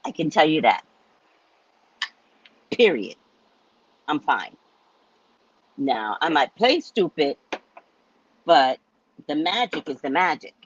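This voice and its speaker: A woman hosting a psychic live stream, telling a casual, chatty story in an animated way with frequent laughs and repeated words. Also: deep voice, slow pace, pauses often, highs cut off, slight background noise.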